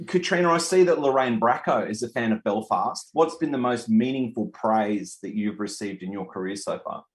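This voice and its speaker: A man's voice: lowish voice, normal speed. A man hosting a television interview, upbeat and chatty. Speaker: TV host.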